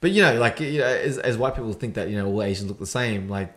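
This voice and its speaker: An Australian man hosting a casual podcast, telling stories excitedly with many restarts. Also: on the low side, fast talker. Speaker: podcast host. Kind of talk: casual chat.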